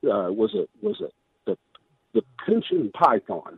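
A man's voice: lowish voice, very animated, measured pace, slightly rough, no room sound. A man, a candidate for governor, making his case emphatically in a radio interview while losing his voice. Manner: emphatic, persuasive, with many restarts. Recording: tinny phone line, dry.

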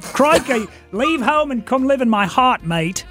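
A man's voice: very high voice, big pitch swings, takes it slowly, faint music behind, exaggerated voice. Man doing hammy, over-the-top comic accents. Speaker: radio show co-host. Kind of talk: comic accent impressions on morning radio.

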